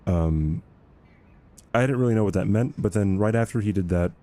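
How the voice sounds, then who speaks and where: A man's voice: lowish voice, moderate pace, warm tone. A young man streaming a game, chatting casually and rambling, repeating words and ending points with "right?". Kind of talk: casual livestream chat while gaming.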